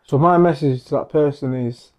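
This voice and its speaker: A man's voice: on the high side, normal speed, highs cut off. A man with a Mancunian accent, from Manchester, speaking earnestly and with passion as host of a podcast conversation. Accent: Mancunian English. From Manchester, England. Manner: earnest and impassioned.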